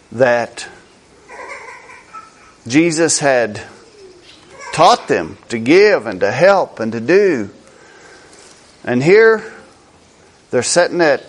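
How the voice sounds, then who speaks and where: Guy preaching a sermon real slow, pitch jumping all over, keeps repeating words for emphasis. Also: slight background noise.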